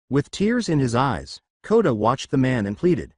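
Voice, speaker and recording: A man narrating a fan fiction story aloud, shifting his pitch for the quoted characters. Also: big pitch swings, measured pace, hardly any pauses, darkish tone, no echo, studio quality. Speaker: fanfic narrator. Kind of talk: reading fan fiction aloud, all parts.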